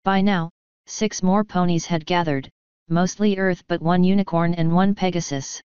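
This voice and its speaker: A woman with a low-pitched, very smooth voice narrates a fan story calmly and evenly. The sound is dry and close, with a slightly dull, lo-fi tone. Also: normal speed, no echo. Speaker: fanfiction reader.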